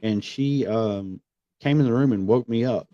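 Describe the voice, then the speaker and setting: A man hosting a casual conversation, telling a personal story in an earnest way that grows animated as he retells events. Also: mid-range voice, normal speed, no echo. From Missouri. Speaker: podcast host. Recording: slightly dull, lo-fi audio.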